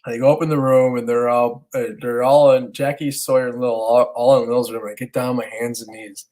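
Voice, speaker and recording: A man in his mid-thirties co-hosts a casual podcast, spinning a long, animated story full of restarts and casual curses. His voice sits at an ordinary middle pitch, and his delivery is loose and conversational. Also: fairly quick, hardly any pauses, rough recording. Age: 30s. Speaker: podcast co-host.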